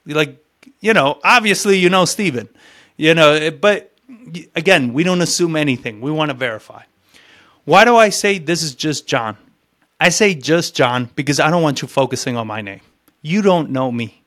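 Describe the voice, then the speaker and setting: Guy coaching cold calls, kinda high voice, blunt and swears a lot, acts out the calls. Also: expressive, moderate pace, fairly bright tone. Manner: blunt, profane, acts out both sides of phone calls. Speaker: sales coach. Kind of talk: teaching cold calling, acting out calls.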